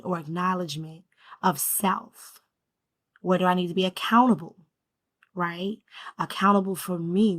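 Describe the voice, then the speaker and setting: Woman, middle-pitched, personal spiritual vlog; earnest self-questioning, emotional edge, frequent "right?". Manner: heartfelt, repeats "right?", asks herself questions. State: emotional, near tears at times. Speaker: spiritual vlogger. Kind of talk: reflective personal talk to camera.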